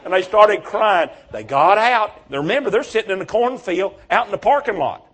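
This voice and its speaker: Fervent high-voiced male preacher. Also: expressive, normal speed, a bit bright. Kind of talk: revival sermon.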